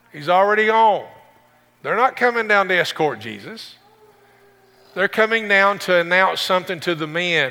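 A man's voice: high voice, pushed and bright, in a large hall. A man preaching a sermon as pastor, with a conversational style and joking asides to the congregation.

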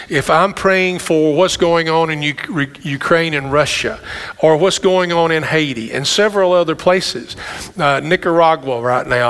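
A middle-aged male pastor delivers a sermon in a church sanctuary, his voice sitting a little higher than most men's. He talks conversationally and throws quick asides to the congregation. A long reverb trails behind his words. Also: a bit bright.

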